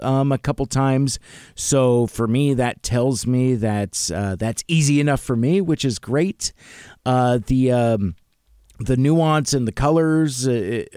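A middle-aged man hosts a podcast, chatting casually and rambling with many fillers and restarts. His mid-range voice has a darkish, clean tone, captured as a dry, clean studio recording.

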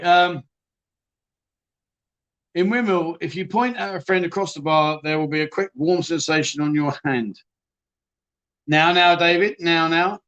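A man's voice: on the high side, fairly bright tone, muffled recording. A man hosting a live chat show, rambling and joking as he reads out viewer comments and calls people mate.

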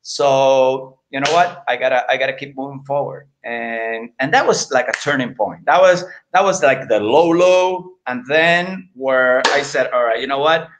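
A middle-aged man talks candidly as an interview guest. His voice sits at an ordinary pitch, and he speaks earnestly, stopping and restarting as he repeats words. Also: normal speed, few pauses, noisy background.

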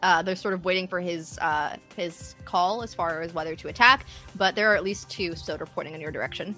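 A woman running a tabletop game as game master, chatty and quick to laugh. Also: on the low side, sharp tone, soft background music. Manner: laughs often, loose and chatty narration.

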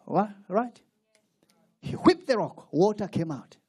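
Male pastor, animated call-and-response sermon, very lively pitch. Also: slow, husky.

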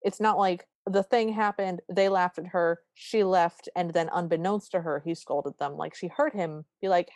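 Recapping a movie on her podcast, a female co-host tells the story with energy and performs the characters' dialogue. Her voice is on the low side, at normal speed with hardly any pauses, and the audio is dry.

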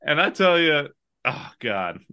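Bright-voiced excitable man chatting. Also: fairly high pitch, measured pace, smooth, dull audio. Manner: excitable, swears a lot, acts out game moments. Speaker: podcast co-host. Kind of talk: casual chat.

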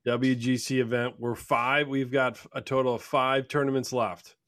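A man's voice: mid-range voice, little pitch movement, normal speed, a bit bright. A man co-hosting a casual podcast, chatting in a joking, profane manner. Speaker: podcast co-host. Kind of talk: casual chat.

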